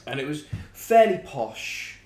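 A man's voice: a little high, big pitch swings, slow pace, darkish tone. A young man from the south of England talking candidly and reflectively in a casual chat, with some fillers. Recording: echoey room with faint background noise.

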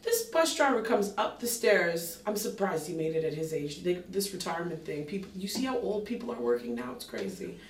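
A woman comedian in casual chat, telling stories in a lively, blunt way with swearing. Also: on the low side, fairly quick, hardly any pauses. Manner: lively storyteller, blunt and profane. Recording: roomy sound, mic at a distance.

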